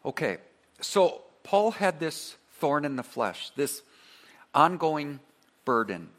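A man delivers a sermon from the pulpit in a slightly raised pitch. He builds through emphatic repetition, then falls quiet on the key line. He leads the listeners in saying phrases back to him. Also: sing-song, slow pace. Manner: earnest preaching, rising to emphatic repetition then dropping soft; leads the congregation in call-and-response. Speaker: pastor.

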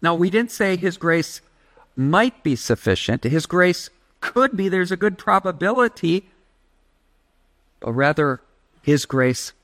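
A man's voice: a little high, fairly bright tone, no room sound. A man preaching a sermon as pastor, emphatic, leading the congregation in call-and-response.

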